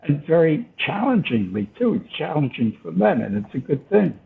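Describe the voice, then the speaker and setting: Gravelly older man on a tinny line. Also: on the high side, big pitch swings, moderate pace. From United States. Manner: thoughtful, hesitant, with restarts. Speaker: interview guest. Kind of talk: reflective storytelling. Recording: tinny phone-line sound.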